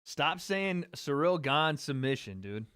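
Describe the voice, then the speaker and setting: Slightly high and a little slow, this man's voice swings widely in pitch, with a fairly bright, clean tone and clean studio sound free of echo. As a livestream host, he chats loosely and straight to his viewers, cracking jokes and repeating himself while reacting to fight chat.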